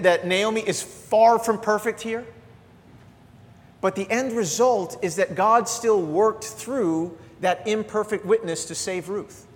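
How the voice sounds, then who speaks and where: A middle-aged man preaching a sermon as a pastor, animated and earnest, dropping into soft, quiet asides. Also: high voice. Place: church sanctuary. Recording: long church hall reverb.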